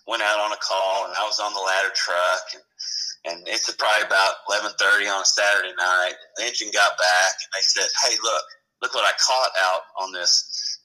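A man's voice: fairly low pitch, pushed and bright, poor audio. A middle-aged man, a former firefighter, telling rambling station anecdotes in casual conversation. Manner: rambling, self-correcting, chuckling anecdotes. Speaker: retired firefighter guest. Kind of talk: casual storytelling interview.

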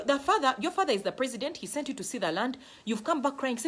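A middle-aged Ugandan woman preaching a sermon with fervour, her voice husky and breathy. She sits a little high and swings up and down in lively, emphatic waves, often hammering a phrase twice. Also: quick pace, hardly any pauses.

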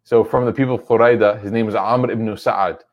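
A man's voice: fairly low pitch, steady tone, brisk. A man giving a religious lecture, retelling a story in a loose, conversational way full of "like" and "you know".

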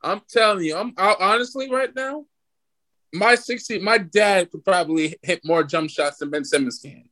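A man in his twenties hosting a podcast, ranting excitedly and swearing freely in casual sports chat. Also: sits high, moderate pace. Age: 20s. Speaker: podcast host.

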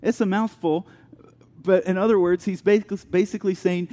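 A man preaching an earnest sermon as pastor, dropping to a hush for soft passages and building with rising questions. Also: high-pitched, steady tone, normal speed. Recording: long hall reverb.

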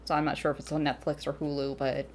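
Low-voiced woman co-hosting a casual podcast. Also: flat delivery, quick pace, slight background noise. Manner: swears freely, laughs hard. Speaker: podcast co-host. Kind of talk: casual chat.

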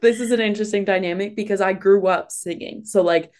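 A woman's voice: mid-range voice, fairly even intonation, a little fast, a little mellow. A woman hosting a podcast, chatting casually with a guest in a gushing way, with lots of filler words. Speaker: podcast host. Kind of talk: casual interview chat.

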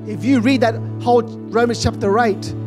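A man preaching a sermon as pastor in a church, fervently repeating phrases and calling out hallelujah and amen. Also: extremely high pitch. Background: music playing.

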